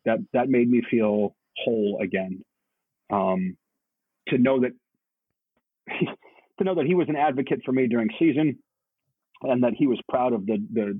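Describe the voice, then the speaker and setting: A male podcast co-host chatting in a halting, earnest way, often repeating words as he gets emotional. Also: lowish voice, dry recording. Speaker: podcast co-host, Navy chief. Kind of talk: casual chat. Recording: husky voice over a tinny phone-like line.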